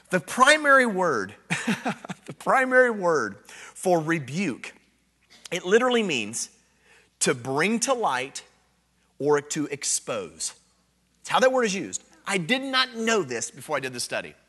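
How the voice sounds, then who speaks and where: An evangelist preaches a revival sermon, earnest and self-deprecating, in a voice on the high side. He sinks into hushed storytelling, then rises to loud, emphatic bursts.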